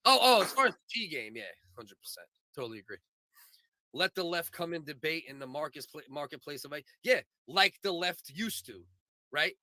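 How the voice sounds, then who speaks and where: A podcast host rambles through his opinions, swearing freely. His voice is a touch high and bright and forceful. The sound is dry and close. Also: sing-song, moderate pace, dry recording. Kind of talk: casual comedy podcast chat.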